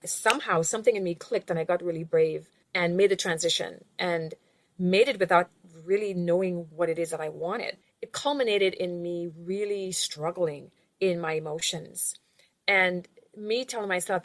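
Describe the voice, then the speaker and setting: A woman guest on an interview podcast, a money and life coach, speaking in an earnest, measured way. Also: fairly low pitch, dry recording. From outside the US. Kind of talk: reflective interview answers.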